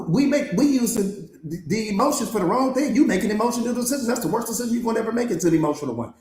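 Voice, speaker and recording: Delivering a motivational master class, this coach preaches emphatically in a fairly high, slightly mellow voice, repeating his points to drive them home. The sound is roomy, with clear echo.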